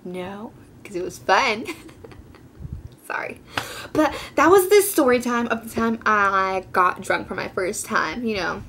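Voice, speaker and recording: A woman's voice: mid-range voice, measured pace, a little hiss or hum. A teenage girl telling a casual storytime to her viewers, rambling and full of fillers, acting out what people said. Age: teens. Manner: quotes people in lively voices. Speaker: vlogger.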